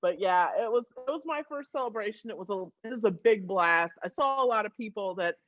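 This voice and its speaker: A woman telling a story on a casual video call, animated and giggly as she talks. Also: medium pitch, brisk, no echo. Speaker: podcast fan guest. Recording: dull, dry video call audio.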